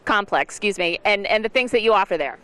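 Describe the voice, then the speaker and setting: A woman's voice: medium pitch, lively intonation, fast talker, a bit bright, slight background noise. A woman hosting local TV promo interviews in the street, bubbly, joking and exclamatory. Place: outdoors in a town street.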